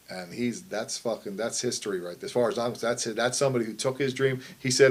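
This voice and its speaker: A middle-aged man recounting old stories in a loose, rambling interview. His voice sits fairly low, and he swears freely, keeps checking in with "you know what I mean", and lets sentences trail off. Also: steady tone, fairly quick, hardly any pauses, poor audio. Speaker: wrestling promoter. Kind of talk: casual storytelling interview.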